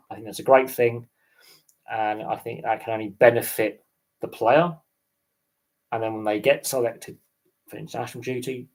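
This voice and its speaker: A man's voice: on the low side, darkish tone. A man hosting a casual livestream chat, rambling with many restarts. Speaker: host.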